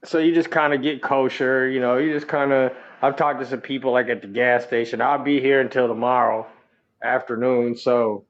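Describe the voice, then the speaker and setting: A relaxed, streetwise man chats casually as a podcast guest and swears freely. His voice sits at an ordinary pitch. The audio is dull and lo-fi. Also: moderate pace. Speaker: podcast guest, truck driver. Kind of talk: casual chat. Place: on the road, remote call.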